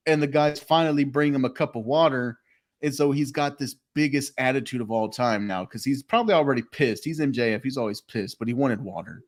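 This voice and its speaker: A man's voice: mid-range voice, a little fast. Profane storytelling podcast host man. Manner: profane, storytelling, laughing often. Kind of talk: casual chat. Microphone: phone call.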